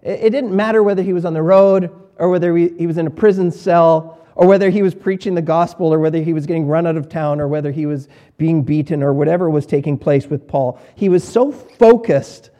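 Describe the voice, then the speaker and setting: A man preaching a sermon as pastor, emphatic, repeating key words and swinging between quiet and loud. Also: fairly high pitch.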